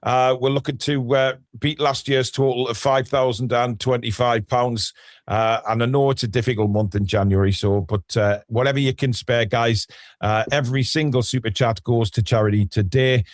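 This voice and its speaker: A man's voice: medium pitch, fairly even intonation, normal speed, no room sound, studio quality. A man hosting a live charity stream, chatting with co-hosts and urging viewers to donate and subscribe. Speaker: host.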